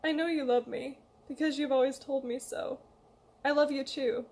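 High-voiced young woman, emotional and halting, reading a heartfelt letter aloud to her loved ones. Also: steady tone, a little mellow. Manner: emotional, hesitant, pleading, reads a letter aloud. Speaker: vlogger. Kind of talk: emotional personal confession.

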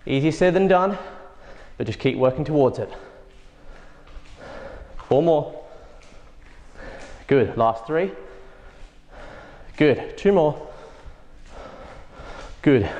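A man's voice: medium pitch, darkish tone. A man leading a workout as fitness instructor, counting reps and urging people on, out of breath as he exercises along. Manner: encouraging, counts reps aloud while exercising. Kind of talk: workout coaching. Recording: long hall reverb.

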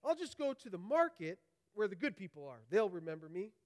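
A man's voice: high voice, sing-song, fairly quick. A man voicing a proud, indignant donkey. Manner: crossly demanding, shouting. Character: proud indignant male donkey, self-important.

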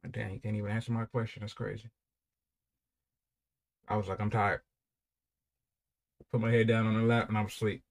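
A man's voice: fairly low pitch, flat delivery, brisk, gravelly, pauses often. A young man giving casual, rambling commentary while reacting to music, with frequent repeated praise.

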